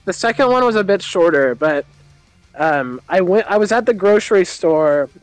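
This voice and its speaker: A man talking as a guest on a livestream, telling stories in a halting, stammering way. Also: sits high, expressive, no echo, soft background music, rough recording. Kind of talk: casual chat, telling anecdotes.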